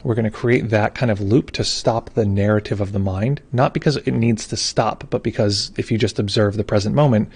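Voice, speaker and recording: A man guiding a meditation session, talking fast and loosely and restarting his sentences as he goes. His voice is gravelly with a husky edge and sits a little low. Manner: relaxed and informal, with frequent restarts. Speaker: meditation teacher. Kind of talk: explaining meditation in a live call.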